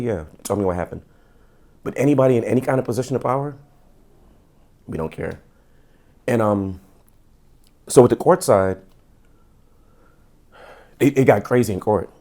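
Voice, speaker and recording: A middle-aged man, a former police officer, telling his story as a podcast guest in casual, animated talk, acting out quotes with stammering restarts. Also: lowish voice.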